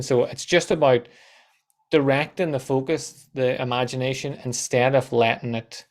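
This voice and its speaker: A man, a guest on a podcast, telling animated stories and acting out quoted voices, with casual swearing. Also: mid-range voice, moderate pace. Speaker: guest, content coach.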